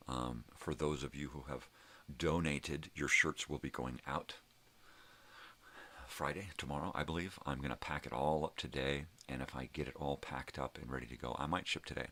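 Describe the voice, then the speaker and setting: A man's voice: extremely low pitch, steady tone, normal speed, bright, forceful tone. A middle-aged man hosting his own morning vlog, ranting and rambling casually with plenty of swearing. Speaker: vlogger host.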